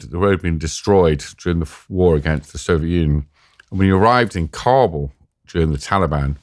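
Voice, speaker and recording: Speaking low and with plenty of animation, a middle-aged war journalist from Britain recounts war stories as an interview guest, poking fun at himself and performing the voices of the people he quotes. The podcast-mic recording is dry and studio-clean.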